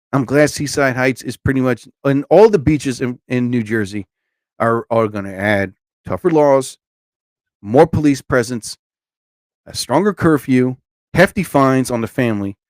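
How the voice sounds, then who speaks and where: A man's voice: mid-range voice, dry recording. A man in his forties hosting a live stream, ranting in a blunt, emphatic way and stopping to greet viewers in the chat.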